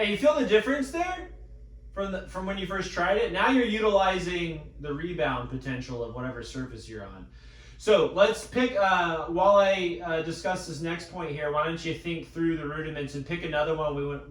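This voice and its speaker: A man's voice: a little high, expressive, moderate pace, recorded from a distance. A man teaching a drum lesson, coaching a student and calling out strokes as he plays. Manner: coaching, counting strokes aloud. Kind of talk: live practice pad lesson. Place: drum school room. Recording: echoey room, off-mic, loud noise.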